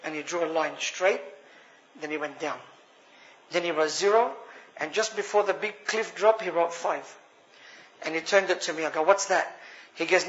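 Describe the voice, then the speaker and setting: A man's voice: sits high, fairly bright tone. A man with an Australian accent giving an earnest personal testimony to a gathering, addressing the listeners as brothers. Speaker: speaker sharing a personal story. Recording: dull lo-fi recording.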